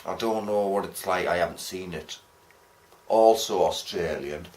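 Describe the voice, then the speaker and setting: A man's voice: low voice, measured pace, darkish tone. A man giving a casual, rambling film review, chatty and swearing casually as he talks. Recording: roomy echo.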